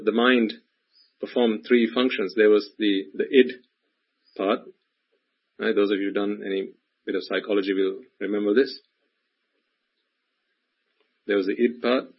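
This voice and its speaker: Husky man giving a dharma talk. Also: fairly low pitch. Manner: repetitive, full of rhetorical questions. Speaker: Buddhist teacher. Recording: dull lo-fi recording.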